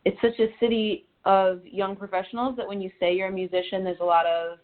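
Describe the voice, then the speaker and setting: A woman's voice: mid-range voice, little pitch movement, brisk. A young woman from Connecticut, a singer-songwriter, chatting in a phone interview, laughing easily and often restarting her sentences. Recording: tinny phone line.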